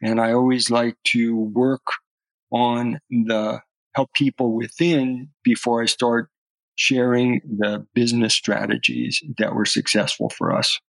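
A man's voice: mid-range voice, little pitch movement, a little slow, creaky, a bit bright, no echo, low-quality recording. A middle-aged man, a podcast guest, telling personal stories earnestly and often restarting his words. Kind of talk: earnest storytelling in conversation.

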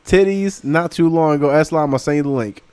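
A man's voice: fairly high pitch, fairly quick, darkish tone, smooth, dry recording. A man co-hosting a podcast, trading jokes and teasing banter in casual chat. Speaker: podcast co-host.

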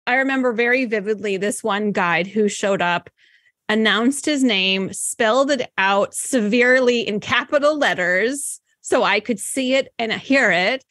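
Woman podcast host, young adult, lively storyteller, close dry mic. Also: on the high side, unhurried, dry recording. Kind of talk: casual chat.

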